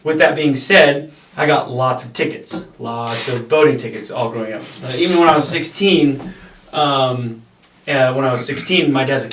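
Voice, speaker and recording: A middle-aged man with a mid-range, slightly bright voice rambles through long casual stories as a podcast guest, laughing now and then at a moderate pace. The sound is roomy and echoey, as if he sits a bit far from the mic.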